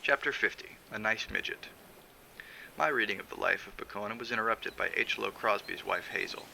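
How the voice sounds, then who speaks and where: Creaky bright-voiced man reading aloud. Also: fairly low pitch, slight background noise, poor audio. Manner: measured, steady reading with occasional fillers. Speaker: streamer reading a novel aloud. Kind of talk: audiobook narration.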